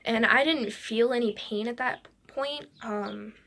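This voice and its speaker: A woman telling a personal story in a halting way, with restarts and frequent drops into a whisper. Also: fairly high pitch, creaky, fairly bright tone, slight background noise.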